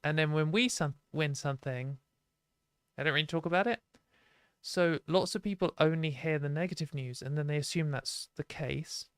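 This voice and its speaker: A British woman hosting a live stream, talking casually and frankly with lots of "like" and quick laughs. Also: deep voice, dry recording, studio quality. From Britain.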